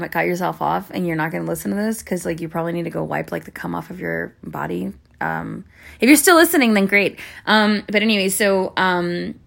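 Low gravelly woman rambling on, lots of likes and ums, swears a bunch, keeps saying sorry. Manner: apologetic, talks fast in bursts. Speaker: audio creator talking to listeners. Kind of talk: casual rambling chat and storytelling.

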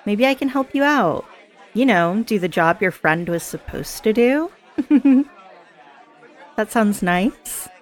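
A woman's voice: mid-range voice, lightly acted. A woman playing a chatty, giggly party girl. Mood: teasing. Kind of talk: scripted audio role-play.

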